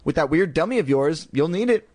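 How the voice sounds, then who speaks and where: A man voicing an excitable young girl who brags and gushes about her own success. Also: fairly high pitch, fairly quick, no echo. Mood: dry. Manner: gushing, boastful, breathless.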